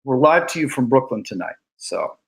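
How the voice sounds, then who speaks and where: A man with a New England accent chats casually as a guest on a live show. His voice is husky, and his talk is easygoing and loose with fillers. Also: medium pitch, big pitch swings, normal speed, rough recording. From New York. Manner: easygoing and chatty, with frequent fillers. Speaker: guest musician. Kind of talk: casual chat.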